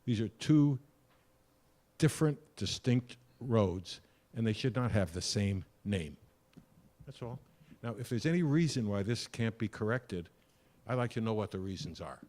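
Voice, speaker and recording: A man's voice: fairly low pitch, lively intonation, measured pace, darkish tone. An older retired man giving a rambling, hesitant public comment at a town board meeting. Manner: rambling, hesitant with many uhs.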